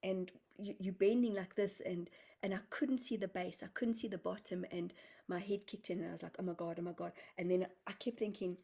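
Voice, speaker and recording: A woman's voice: mid-range voice, fairly even intonation, fairly quick, warm tone, slightly rough. A woman from South Africa, a guest healer, telling a story in a casual interview and acting out her own quoted words with energy. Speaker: guest healer and spiritual medium.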